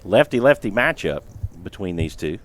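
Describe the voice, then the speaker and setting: A man giving relaxed, explanatory color commentary on a baseball game. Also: sits low, normal speed.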